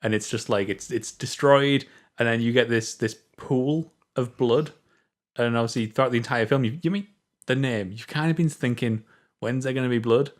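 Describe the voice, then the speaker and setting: A British man co-hosting a casual film review, talking in a measured, analytical way. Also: medium pitch. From Britain.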